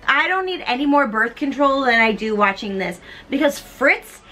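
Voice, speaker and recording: A woman's voice: high voice, lively intonation, normal speed, pushed and bright, faint music behind, rough recording. A young woman, a bit tipsy, chatting sarcastically and jumping into silly voices as she retells a story. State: tipsy from drinking. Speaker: comedy vlogger.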